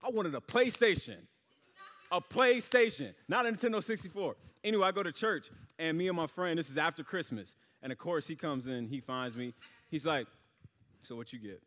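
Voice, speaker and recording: A man's voice: on the high side, expressive, fairly quick, fairly bright tone, big-room sound. A young adult man preaching a storytelling sermon in a casual, rambling way, full of fillers.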